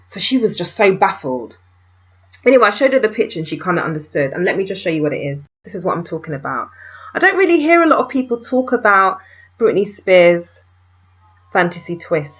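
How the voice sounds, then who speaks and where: A woman chatting to camera as a beauty vlogger, telling stories in an animated way and calling viewers darlings. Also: fairly low pitch, normal speed. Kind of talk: casual chat to camera. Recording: dull, muffled home video sound.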